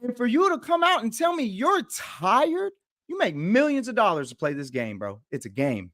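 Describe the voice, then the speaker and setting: A man's voice: extremely high pitch, sing-song, moderate pace, a bit bright, no echo, clean studio sound. A man in a heated sports talk show, indignant and ranting, repeating himself for emphasis.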